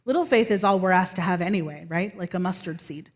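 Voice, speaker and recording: A woman pastor preaching a sermon, telling a story in a relaxed way and sometimes dropping her voice to a hush. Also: on the low side, quick pace. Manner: relaxed, with occasional "um" fillers.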